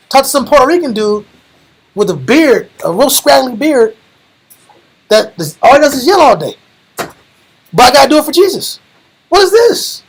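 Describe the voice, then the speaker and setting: Young man, preacher, lively street-style sermon, slangy, animated delivery. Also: very high voice, husky, low-quality recording. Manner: animated, slangy, calls the audience bro.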